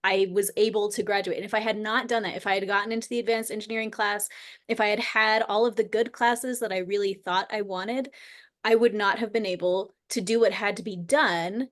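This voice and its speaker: A woman in her thirties or forties hosts a casual chat, her voice medium-pitched and fairly bright. She tells a personal story earnestly but ramblingly, saying "like" constantly.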